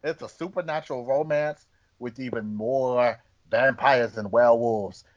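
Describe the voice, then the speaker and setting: A man's voice: mid-range voice, unhurried, dull audio. A man hosting a casual comedy podcast game, playfully quizzing the panel and explaining the rules.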